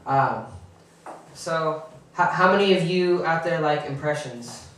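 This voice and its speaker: A man's voice: fairly high pitch, noisy background. Awkward young man doing stand-up, echoey. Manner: halting, awkward delivery with frequent restarts and chuckles. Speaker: stand-up comedian. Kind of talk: stand-up comedy set. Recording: echoey room from far off.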